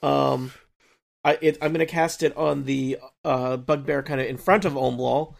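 Gravelly, hesitant man at the game table. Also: medium pitch, fairly even intonation, moderate pace. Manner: hesitant, thinking aloud with many ums. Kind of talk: casual tabletop game talk.

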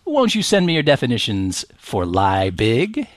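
A man's voice: mid-range voice, wildly swooping pitch, measured pace, no echo, studio quality. A man hosting a comedic podcast word game, joking and laughing often. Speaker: game show host.

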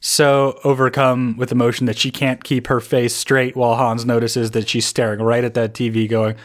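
A man's voice: medium pitch, brisk. A man co-hosting a podcast, chatting casually as he retells film scenes. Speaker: podcast co-host. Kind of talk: casual movie discussion.

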